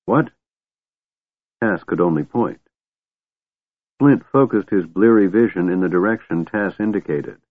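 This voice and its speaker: A man narrating an audiobook with steady, dramatic storytelling. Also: low voice, normal speed, no room sound. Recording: tinny, dry, phone-like sound.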